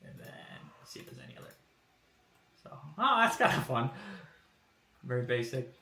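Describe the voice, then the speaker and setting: A man chats his way through car design work on a stream, laid-back and meandering, with fillers as he thinks aloud. His tone is sharp and bright. The sound is roomy, as if he sits back from the microphone in a workshop room. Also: mid-range voice, sing-song, moderate pace, distant mic. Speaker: streamer showing car body kit designs. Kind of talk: casual live-stream commentary. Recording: roomy, from away from the mic.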